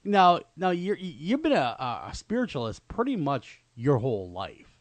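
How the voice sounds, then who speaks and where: Lively, higher-voiced male podcast co-host. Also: normal speed, no echo. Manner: joking, chiming in with reactions. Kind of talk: casual podcast chat. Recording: dry close audio.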